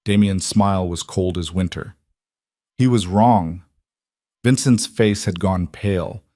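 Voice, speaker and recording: Male narrator, low voice, dry close sound, measured scripted storytelling. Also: dark tone, no room sound.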